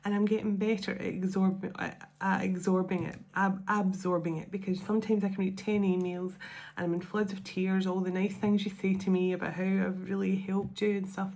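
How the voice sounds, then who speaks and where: A woman's voice: mid-range voice, flat delivery, moderate pace, darkish tone. A woman hosting a spiritual tarot channel, talking to her viewers at home in a casual, heartfelt and emotional way, often restarting her sentences. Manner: emotional, rambling, with many restarts.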